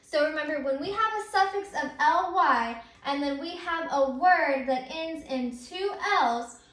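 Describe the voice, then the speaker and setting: A woman's voice: sits high, unhurried, fairly bright tone. A young woman teacher, patiently explaining a grammar lesson step by step with frequent ums. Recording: echoey room.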